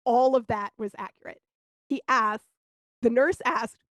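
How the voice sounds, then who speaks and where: A woman co-hosting a podcast, telling candid, animated stories in casual chat and swearing now and then. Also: on the high side, measured pace, no echo. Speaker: podcast co-host.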